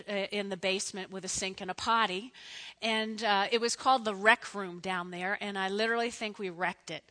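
A middle-aged woman preaching a conversational sermon, telling family stories in a chatty, animated way and putting questions to her listeners. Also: fairly high pitch. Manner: chatty, animated storyteller who questions the audience.

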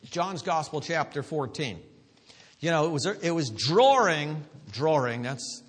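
Emphatic preacher with a Pennsylvania accent. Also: male voice, a little high, a little slow, breathy edge, big-room sound. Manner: swells to loud emphatic peaks, calls the congregation to repeat. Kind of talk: sermon.

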